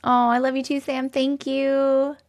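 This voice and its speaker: Woman, livestream host, casual chat, bubbly, quick to laugh, fairly high voice, regular microphone. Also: little pitch movement, darkish tone. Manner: bubbly, laughs often, thanks viewers one by one. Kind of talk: casual livestream chat, reading comments aloud. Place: home basement.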